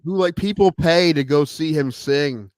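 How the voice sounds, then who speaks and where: A laid-back man chats on a podcast, easygoing with mild swearing. His voice sits a bit high and sounds dry and close. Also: a little slow, dry recording. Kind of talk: casual chat.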